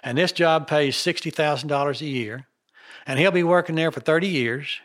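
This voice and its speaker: A man telling his own story in a casual, animated way, often restarting his sentences. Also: a little high, normal speed. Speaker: interviewee recounting his story.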